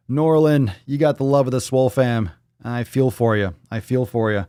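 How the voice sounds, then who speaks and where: A man's voice: mid-range voice, fairly even intonation, normal speed, dark tone, clear, resonant tone, dry recording, clean studio sound. A man hosting a live fitness stream, chatting casually and bluntly with lots of swearing while he reads out viewer posts. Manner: blunt, profane, playful, jumps into silly voices. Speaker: fitness show host.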